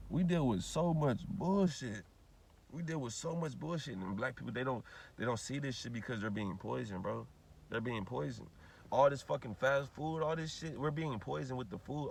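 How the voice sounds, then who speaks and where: Fast-talking man ranting profanely. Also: mid-range voice, gravelly, darkish tone, husky. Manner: profane, rambling, repetitive storytelling. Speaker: vlogger. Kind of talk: ranting monologue to camera.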